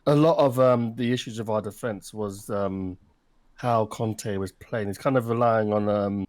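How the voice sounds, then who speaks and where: A man chatting on a football podcast, hesitant with frequent pauses. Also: lowish voice, a little mellow, dry recording. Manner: hesitant, lots of ums. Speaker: podcast co-host. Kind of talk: casual podcast chat.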